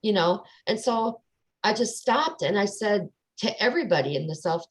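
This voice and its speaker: A woman in casual chat, telling a personal story in an animated way and acting out the voices of the people in it. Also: medium pitch, normal speed, slightly rough, poor audio. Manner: animated storyteller, acts out quoted dialogue.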